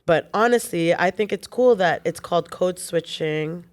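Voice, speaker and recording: A woman co-hosting a chat show, reading a listener's post aloud with quick casual asides. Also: fairly low pitch.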